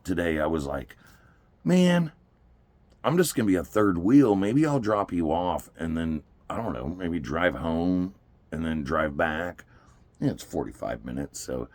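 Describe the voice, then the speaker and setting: A low-pitched male voice, free of echo, narrates a lively anecdote about an amusement park outing with his daughter. He keeps laughing and plays out the quotes of the people involved in this casual storytelling.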